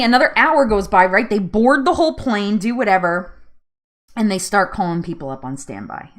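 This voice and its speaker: A woman's voice: mid-range voice, a bit bright. A woman hosting a live weight loss chat, telling a story casually, laughing often and acting out her own pleas.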